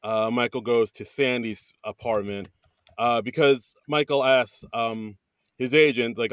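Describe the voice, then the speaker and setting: A man's voice: mid-range voice, steady tone, a little slow, clean tone, dry recording, clean studio sound. A man co-hosting a podcast in casual chat, easygoing, with lots of fillers and short reactions. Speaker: podcast co-host.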